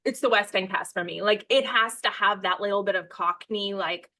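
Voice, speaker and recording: A woman's voice: medium pitch, moderate pace, sharp tone. Gushing, rambling American woman host. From United States. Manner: gushing, rambling, self-interrupting. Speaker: podcast host. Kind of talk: casual podcast chat.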